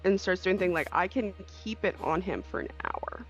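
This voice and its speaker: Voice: medium pitch, normal speed, faint music behind. A tabletop game player thinking aloud about theories and explaining a character's actions in a rambling, casual way. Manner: speculative, rambling. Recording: dull lo-fi mic.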